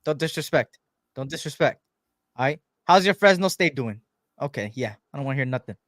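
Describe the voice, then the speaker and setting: A man's voice: mid-range voice, lively intonation, a little fast, a bit bright, no echo, clean studio sound. A man hosting a sports podcast, talking casually with lots of fillers and playful ribbing of his co-host.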